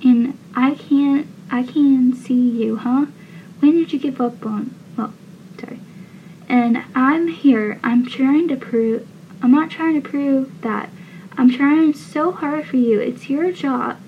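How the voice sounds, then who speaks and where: A woman's voice: high-pitched, slow. A woman voicing a hurt teenage boy who pleads emotionally with his father, in a dull, lo-fi recording with faint hiss. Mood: pleading.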